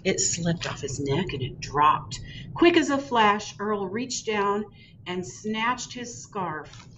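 Slow, expressive woman reading a storybook. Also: medium pitch, distant mic, highs cut off, noisy background. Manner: expressive, drawn out. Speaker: children's librarian. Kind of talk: reading a picture book aloud.

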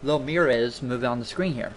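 A video tutorial host with a mid-range voice speaks at a quick pace during a laid-back screen recording made at his home computer. He rambles chattily into a desktop mic, repeating words to stress them, and there's a slight hiss or hum.

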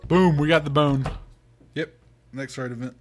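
A man's voice: on the high side, normal speed, soft background music. A man giving casual gameplay commentary as host, full of joking, sarcastic asides, recorded at home. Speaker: let's play host.

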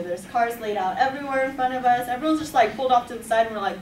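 A woman's voice: fairly high pitch, fast talker, hardly any pauses, slight background noise. Chatty young woman telling a story. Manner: chatty, animated, full of "like" and laughs. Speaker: student storyteller. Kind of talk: personal story told to a class. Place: classroom. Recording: echoey room, voice from a distance.

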